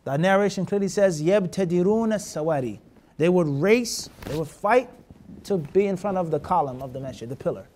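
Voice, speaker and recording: Teaching hadith to a class, he speaks in a high, expressive voice that races along with a slightly mellow quality. Arabic terms run through his English, and he often stops to make sure students keep up, posing rhetorical check questions.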